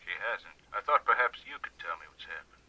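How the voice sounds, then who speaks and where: An actor playing a calm, firm country doctor in a 1970s TV drama, speaking in a measured, insistent way. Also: male voice, low voice, heavily acted. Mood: guarded. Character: calm, firm small-town male doctor.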